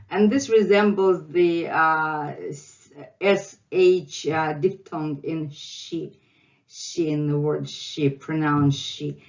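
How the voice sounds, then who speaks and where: A woman's voice: lowish voice, slow, highs cut off. A woman with a Russian accent teaching the alphabet, patiently repeating each sound many times. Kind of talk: slow alphabet lesson with drilled repetitions.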